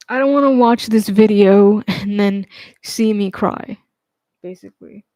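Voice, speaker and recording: A man talks on a livestream in a loose, rambling way, stopping and restarting his sentences and dropping in casual swear words. His voice is warm and mellow, often sinking to a near-mumble at the ends of thoughts, recorded dry and close. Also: high-pitched, unhurried, dry recording. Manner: rambling and hesitant, many fillers and restarts.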